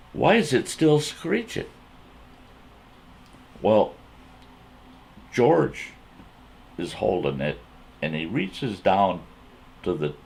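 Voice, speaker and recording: Male storyteller: low, slow, folksy campfire delivery with a repetitive, drawn-out manner. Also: vocal fry, breathy edge. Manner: drawn-out, repetitive, animated retelling.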